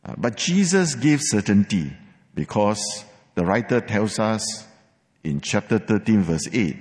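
A man's voice: lowish voice, expressive, measured pace, a little mellow. A man preaching a sermon, emphatic, repeating words for stress, with some fillers. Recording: long hall reverb.

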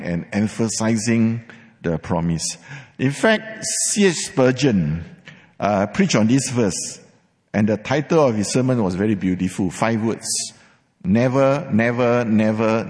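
A male preacher delivers a sermon with a measured, emphatic rhythm, slowing to stress each key phrase. His voice swings widely in pitch, and a long reverb trails after him through a large hall. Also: lively intonation, a little mellow.

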